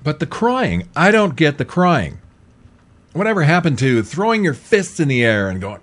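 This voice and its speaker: A middle-aged man hosting a show, delivering an opinionated commentary monologue, emphatic and repetitive, jumping from loud outbursts to low asides. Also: sing-song, normal speed. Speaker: talk show host.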